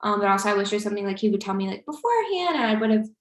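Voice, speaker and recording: A young woman co-hosts a podcast, telling a rambling story in casual chat packed with fillers. Her mid-range voice swings widely in pitch and comes out rapid-fire, with a roomy echo around it.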